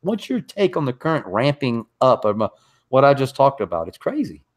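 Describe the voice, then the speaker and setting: A man's voice: medium pitch, sing-song, normal speed. A middle-aged man hosting a live podcast, telling stories and ranting in a loose, profane, emphatic way. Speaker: podcast host. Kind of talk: casual livestream rant.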